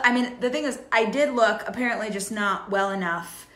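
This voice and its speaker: Bright chatty woman in an echoey room. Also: medium pitch, brisk. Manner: chatty, lively storytelling. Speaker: podcast co-host. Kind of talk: casual chat.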